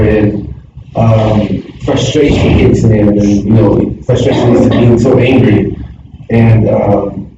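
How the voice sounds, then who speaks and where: A man's voice: on the low side, fairly even intonation, slow pace. Middle-aged guy, earnest and rambly, lots of ums, echoey room, far from the mic. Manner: earnest and rambling, full of fillers. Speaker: church group member. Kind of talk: sharing personal reflections in a group. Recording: echoey room from far, dull sound, noisy.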